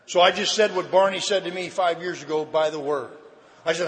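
An older man giving a personal testimony at a recovery convention, telling his story with shouted punchlines and sudden quiet drops. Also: fairly high pitch, fairly quick. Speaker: recovery meeting speaker. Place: large convention hall. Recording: reverberant hall recording with faint ambience.

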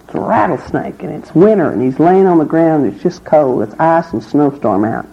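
A middle-aged woman giving an earnest, halting personal testimony at a recovery meeting. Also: low-pitched, lively intonation, breathy edge. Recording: slightly muffled recording.

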